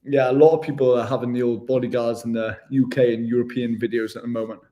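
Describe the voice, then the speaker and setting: A man's voice: mid-range voice, little pitch movement, fast talker, warm tone. A man chatting casually with viewers on a live stream, laid-back and matey, calling everyone mate. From Wales. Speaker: travel vlogger hosting a live stream.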